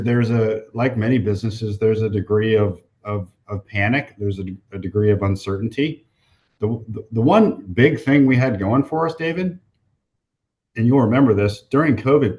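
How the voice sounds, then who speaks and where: A man who is a company president, answering interview questions in a measured way and repeating words at the start of phrases. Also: on the low side, a little mellow.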